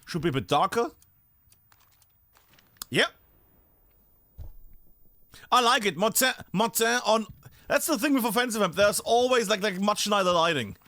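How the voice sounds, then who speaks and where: A man's voice: high-pitched, animated, measured pace, pauses often, sharp tone, no room sound, clean studio sound. A man streaming a game live, chatting and thinking aloud as he looks around a map, often breaking off mid-sentence.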